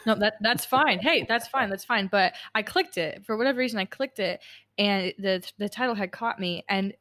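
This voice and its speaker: A woman's voice: medium pitch, moderate pace. A young woman hosting a podcast interview, talking at length and drifting into side stories. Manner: warm and talkative, rambling storytelling with tangents. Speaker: podcast host. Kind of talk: casual interview conversation.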